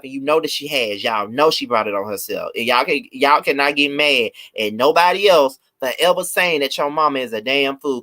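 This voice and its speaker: A man's voice: mid-range voice, bright, forceful tone. A man hosting a live review, ranting emphatically to his viewers with blunt, profane repetition. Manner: blunt, swears freely. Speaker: video host and reviewer.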